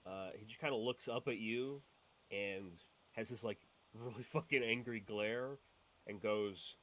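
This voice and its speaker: A man's voice: mid-range voice, normal speed. A man playing a tabletop game who narrates his character's actions with laughter and swearing. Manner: laughing, profane, animated storytelling. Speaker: player.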